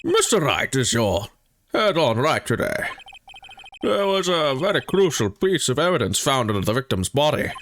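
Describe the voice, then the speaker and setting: A man voicing an elderly male judge in a game playthrough, speaking in slow, formal courtroom phrasing. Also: mid-range voice, sing-song, fairly bright tone, slight background noise.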